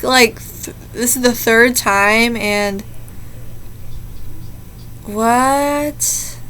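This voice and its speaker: A woman's voice: fairly high pitch, bright, forceful tone. Chatty young woman reacting to spooky stories. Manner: chatty, easily spooked, rambling asides. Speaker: channel host reading scary stories. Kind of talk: casual reaction commentary.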